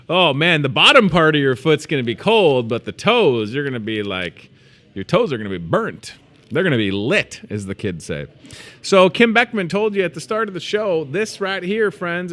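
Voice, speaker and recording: Playful man hosting a store show. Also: fairly high pitch. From moved to Iowa as a student. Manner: playful, joking, animated. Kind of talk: casual promotional chat.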